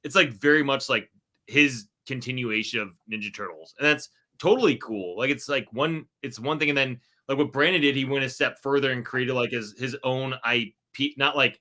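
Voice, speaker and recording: Bright-voiced man chatting about toys. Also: medium pitch. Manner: fast, filler-heavy, joking. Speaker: toy designer guest. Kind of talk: casual chat.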